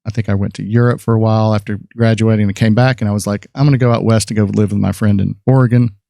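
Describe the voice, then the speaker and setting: A man's voice: fairly low pitch, steady tone, fast talker, vocal fry, mellow, no echo, studio quality. A man in his fifties, a podcast guest and photographer, telling rambling stories about his life in a casual chat, with many fillers and restarts.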